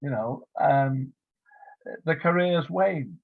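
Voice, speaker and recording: A husky-voiced man in his seventies, heard over a thin, tinny phone-like line. He talks as an interview guest, rambling through an anecdote and slipping into quoted dialogue as he goes. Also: a little high, slow, no echo. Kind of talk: casual storytelling interview.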